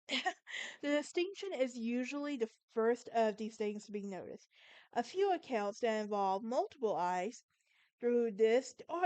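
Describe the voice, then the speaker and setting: Chatty Southern woman podcaster, smooth voice. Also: fairly high pitch, dry recording. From Alabama. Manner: chatty, self-correcting, stumbles over words. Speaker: podcast host. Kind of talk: casual solo podcast narration.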